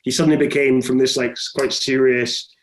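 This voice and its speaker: A man's voice: mid-range voice, level tone, fairly quick. A middle-aged man, a film director, telling stories in a chatty interview with many restarts. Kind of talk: conversational interview.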